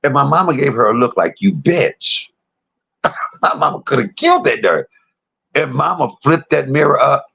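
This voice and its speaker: A man, casually telling a personal story to his viewers, animated, laughing often and swearing freely. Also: mid-range voice, fairly quick, vocal fry, husky, rough recording.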